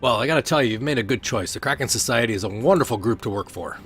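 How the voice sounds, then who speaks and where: A man's voice: medium pitch, lively intonation, racing, fairly bright tone, faint music behind, natural voice. A man voicing an eager, chatty male sailor recruiter who is pushy and overly friendly. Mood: jovial.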